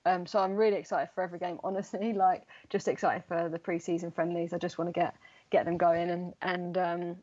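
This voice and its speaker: A woman's voice: fairly low pitch, level tone, fairly quick, a little mellow, dull audio. A young woman, a footballer, chatting casually in an interview, rambling with lots of fillers. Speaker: footballer guest.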